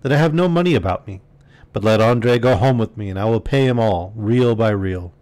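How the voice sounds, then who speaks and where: A man voicing a frightened rural farmer who makes humble, hurried excuses, pitched higher than his usual voice. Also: a little mellow, close to an everyday voice. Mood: nervous. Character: frightened, pleading rough male country farmer.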